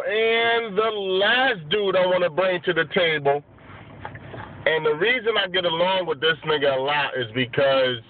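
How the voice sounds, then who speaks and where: A man in a casual boxing vlog, talking loose, profane street slang with many fillers. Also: sits high. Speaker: boxing vlogger giving channel shout-outs. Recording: tinny lo-fi phone-like audio with faint hiss.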